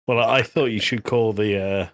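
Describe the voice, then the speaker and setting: A man's voice: on the low side, steady tone, normal speed. A young man from England co-hosting a podcast, swapping jokes and teasing in loose casual banter. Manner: jokey, teasing, swears casually. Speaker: podcast co-host.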